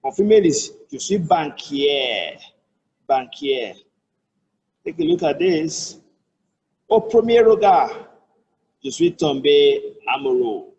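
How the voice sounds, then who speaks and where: A Nigerian-accented man teaches French in an online lesson, his voice on the high side, sing-song, with vocal fry, a dark tone, and a breathy edge. The recording is muffled. He explains patiently, repeating each phrase and giving slow, careful examples.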